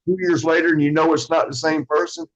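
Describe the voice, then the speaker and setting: A former wrestler, interviewed as a guest, rambles through casual stories, swearing freely and acting out what other people said. His male voice is a little high with a steady tone, he talks fast, and the sound is lo-fi.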